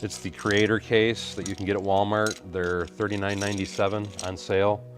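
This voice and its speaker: A man's voice: fairly low pitch, flat delivery, a little fast. A man hosting a live stream, chatting casually and greeting viewers while he sorts bricks, with his mic set a little away from his face. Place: home hobby room. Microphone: mic kept a little away from the face.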